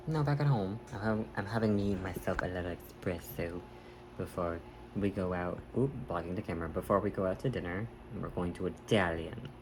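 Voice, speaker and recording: A man's voice: deep voice, noisy background. A man chatting casually in a daily vlog, bubbly and often correcting himself, filming himself with a handheld camera outdoors and at home. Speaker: vlogger. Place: outdoors at a farmers market, then at home.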